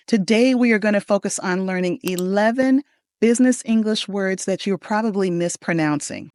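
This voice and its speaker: An American woman, a pronunciation coach, leading an upbeat lesson and saying model words slowly and deliberately for the listener to repeat. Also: medium pitch, no room sound, studio quality.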